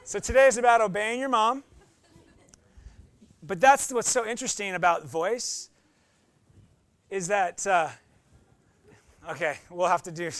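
A man's voice: high-pitched, a bit bright. A middle-aged man preaching a sermon in a playful way, acting out voices and quotes as he talks. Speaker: pastor.

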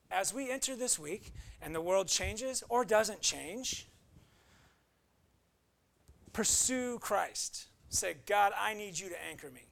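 Male pastor, high voice with gravel, earnest conversational preaching with emphatic bursts. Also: expressive, takes it slowly, a bit bright. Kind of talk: sermon.

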